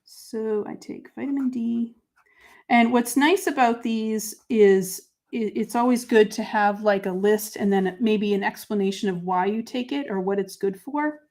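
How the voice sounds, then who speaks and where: A woman hosting a live crafting show, chatting with viewers and talking through each step, her voice dropping to quiet murmurs while she writes. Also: mid-range voice, a little slow. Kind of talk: live crafting chat, answering viewer comments.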